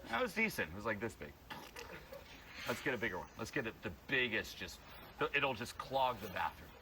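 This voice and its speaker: Brief: male workshop coach, lively swinging delivery, blunt and energetic, noisy live room. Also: fairly low pitch, moderate pace. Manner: energetic, blunt, bursts into loud yells. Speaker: social confidence coach.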